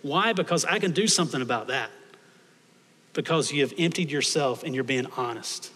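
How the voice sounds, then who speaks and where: A male pastor delivers a sermon, pressing his points by repeating phrases. His voice sits a little high for a man. It rings out with long reverb through a church hall. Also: normal speed, a bit bright, husky. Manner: emphatic, repeats phrases for stress.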